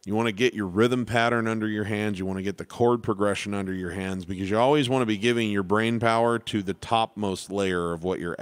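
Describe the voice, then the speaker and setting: A man's voice: lowish voice, clean tone, dry recording, clean studio sound. Laid-back man teaching piano. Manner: relaxed, rambling, self-deprecating with many restarts. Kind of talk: casual live Q&A lesson.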